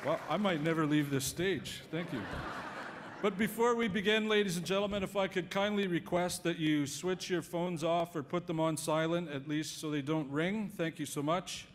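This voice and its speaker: A man hosts a formal ceremony with polished, genial delivery, his voice pitched a little high. A long reverb trails each phrase through the hall. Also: normal speed, crowd noise, background noise. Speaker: master of ceremonies. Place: hall at official residence.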